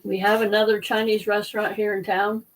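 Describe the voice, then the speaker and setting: A woman's voice: medium pitch, level tone, brisk, recorded from a distance, rough recording. A woman hosting a casual live stream, chatting in a rambling, apologetic way while eating dinner. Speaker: host.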